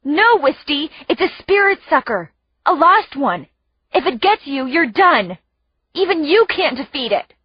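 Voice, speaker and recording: A woman's voice: high-pitched, big pitch swings, a little slow, no echo, pitched above the performer's own voice. An urgent teenage boy hissing warnings from behind, as a woman narrator voices him. Dry, slightly dull sound with faint music beneath. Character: urgent young male ally, teen boy.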